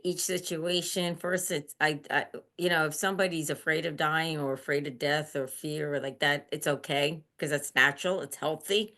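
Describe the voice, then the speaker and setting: A middle-aged woman answering interview questions gently, halting and restarting as she talks. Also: deep voice. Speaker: interview guest, end-of-life doula.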